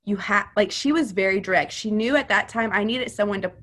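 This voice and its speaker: A woman's voice: mid-range voice, fairly quick, a bit bright. A woman speaks as a podcast guest, recounting a personal testimony. She is earnest and chatty, and her sentences keep running on with fillers.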